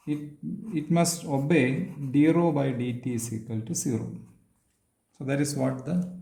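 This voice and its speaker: A male lecturer works through a physics theorem at a slow, deliberate pace, filling pauses with "uh" and "um" as he writes. His voice is mellow and of middle pitch. The sound is echoey, as in a bare room. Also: gravelly. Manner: halting, many fillers, restates as he writes. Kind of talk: physics lecture while writing on a board.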